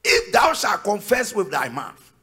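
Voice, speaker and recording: A man preaching a sermon as pastor, emphatic and sing-song, rising to shouted peaks. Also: sits high, huge pitch swings, a little slow, husky. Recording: long reverb of a large hall.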